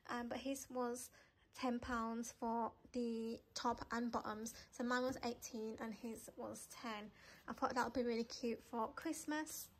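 A woman vlogging in casual, rambling chat, slightly out of breath, with lots of fillers and restarts. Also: on the high side. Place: shops and home, indoors.

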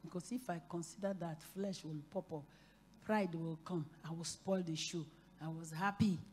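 A woman's voice: lowish voice, steady tone, moderate pace. A woman preaching a sermon, telling a story and acting out the voices in it. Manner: storytelling, acting out dialogue with shifting loudness.

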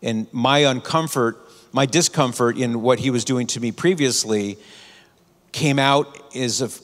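A man's voice: medium pitch, fairly bright tone. Guy giving a conference talk, earnest storytelling, echoey hall. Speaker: conference speaker.

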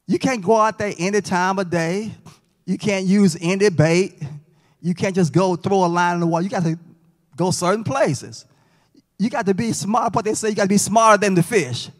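A man's voice: sits high, normal speed. A man teaching a Bible lesson in church, folksy, joking with and quizzing the class. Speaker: Sabbath school teacher. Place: church sanctuary. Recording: long church reverb.

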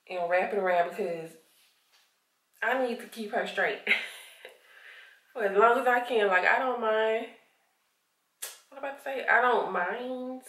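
Southern woman vlogger, sleepy and chatty, mid pitch, recorded in an echoey room away from the camera. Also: a bit bright. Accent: Southern US (Arkansas). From Arkansas, USA. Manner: chatty, laughs often, calls viewers honey and y'all. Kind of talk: casual chat to camera. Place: at home, indoors. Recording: roomy, from a distant camera mic.

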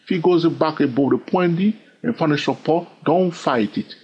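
A man with a French-influenced accent, teaching a trading lesson in an animated way and often checking in with "all right?". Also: on the high side, moderate pace, husky. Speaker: trading instructor. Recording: dull lo-fi recording.

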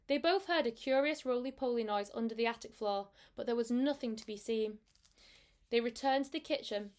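Reading a storybook to her pupils, a woman teacher keeps things gentle and unhurried, her voice sitting slightly high for a woman.

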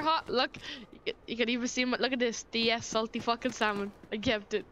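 A woman's voice: on the high side, fairly even intonation, brisk, fairly bright tone, a little hiss or hum. An Irish woman streaming a game, chatting casually, swearing freely and often restarting her sentences. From Ireland.

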